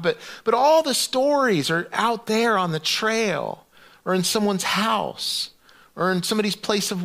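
Middle-aged male pastor, fairly high voice, chatty sermon delivery with lots of restarts. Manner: conversational, animated storytelling with restarts.

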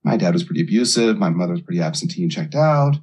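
A man's voice: low voice, big pitch swings, fast, darkish tone, breathy edge. A middle-aged man, a life coach, earnestly telling his own story in an interview.

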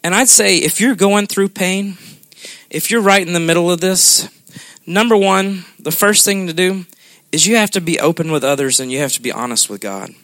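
A man with a high-pitched, fairly bright voice preaches a sermon conversationally at a moderate pace. He often checks in with the congregation with "okay?" The recording is dry and studio quality.

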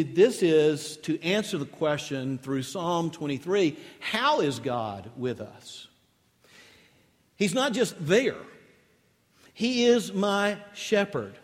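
A man preaching a sermon as pastor, conversational and rising into emphatic lists. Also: a little high. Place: church sanctuary. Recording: long reverb of a large hall.

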